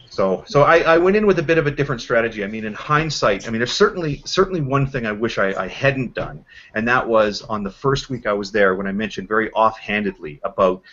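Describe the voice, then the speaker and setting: A man's voice: fairly low pitch, a bit bright, dull audio. A man hosting an online call show, talking animatedly with many restarts and mocking the people he quotes. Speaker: host of a video call show. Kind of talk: casual debate talk. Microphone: video call.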